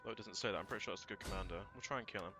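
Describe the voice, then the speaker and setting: A man thinking aloud through a strategy game, casual and prone to swearing and sudden shouts. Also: fairly low pitch, racing, music in the background. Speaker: let's play gamer. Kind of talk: casual gameplay commentary.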